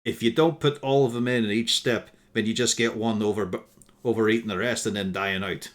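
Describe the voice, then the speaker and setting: A gruff, foul-mouthed woodland keeper, as a man puts him on, dry and sarcastic and quick to swear. His voice sits a little low for a man. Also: fairly even intonation, lightly acted. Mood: explaining. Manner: blunt, sarcastic and swearing freely.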